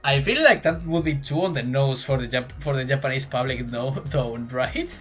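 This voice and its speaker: A streamer giving excitable, laughing commentary while playing through a story game. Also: mid-range voice, moderate pace, soft background music. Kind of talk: casual let's play commentary.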